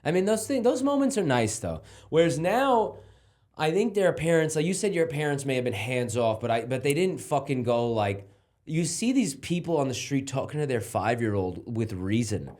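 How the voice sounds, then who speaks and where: A man in casual podcast banter, telling crude stories in an animated, profane way. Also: mid-range voice, normal speed. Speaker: comedian guest.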